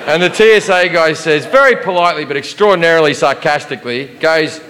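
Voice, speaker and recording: A man's voice: a little high, brisk, hardly any pauses. An Australian man doing stand-up comedy, telling a story in a brash, profane manner. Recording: long hall reverb, faint noise.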